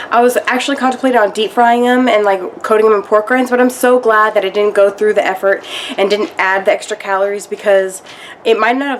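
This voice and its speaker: A woman's voice: mid-range voice, slight background noise. A woman vlogger chatting casually while she cooks and eats in her home kitchen, describing each step. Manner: chatty, self-narrating while cooking and eating. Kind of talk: casual cooking vlog chat.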